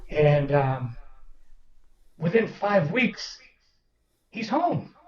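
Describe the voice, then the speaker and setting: A man's voice: fairly high pitch, extremely slow. Older man telling stories. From Boston, Massachusetts. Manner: animated anecdotal storyteller, acts out quoted people. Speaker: author guest. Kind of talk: storytelling interview. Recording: roomy distant dull sound with crowd behind.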